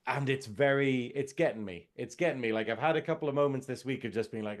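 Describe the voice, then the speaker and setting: Casual Northern English male co-host, mid pitch, rambling and chatty. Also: fast talker. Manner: chatty, laughs often, slightly rambling. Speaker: co-host, science officer. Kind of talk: casual podcast chat.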